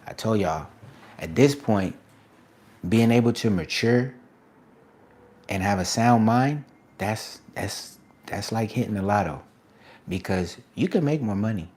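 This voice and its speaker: A man streaming live as an artist, giving excited shout-outs to viewers in casual slang, then turning soft and reflective. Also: fairly low pitch, a little slow, pauses often. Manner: drops to a soft, quiet reflective tone. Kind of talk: casual livestream chat.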